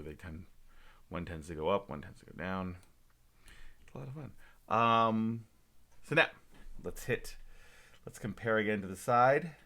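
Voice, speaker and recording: A man teaching a high school class through a screen-recorded software demo, talking to himself as he works and adding small jokes. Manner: talks to himself while working, relaxed asides and small jokes.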